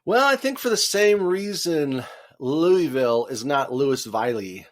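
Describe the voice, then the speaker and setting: A man's voice: high voice, sing-song, measured pace, a bit bright. A man, a guest author, talking casually in a podcast interview, wandering through his thoughts with frequent fillers and restarts. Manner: rambling with many fillers and restarts.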